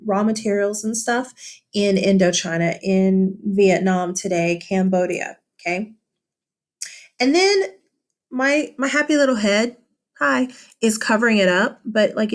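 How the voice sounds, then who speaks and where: Chatty woman teacher giving a lesson. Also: fairly high pitch. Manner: casual, chatty, with many fillers and tag questions. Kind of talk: recorded classroom lesson.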